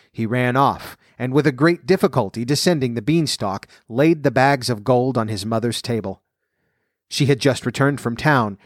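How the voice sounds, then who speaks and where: Male storyteller, fairy tale, mid pitch, steady and measured, dry close sound. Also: no echo.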